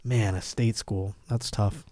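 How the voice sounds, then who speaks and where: A man's voice: fairly low pitch, steady tone, slow pace, warm tone, no echo. Joking podcast host man, dry studio. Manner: joking, riffing on news stories, laughs often. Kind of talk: comedic podcast chat.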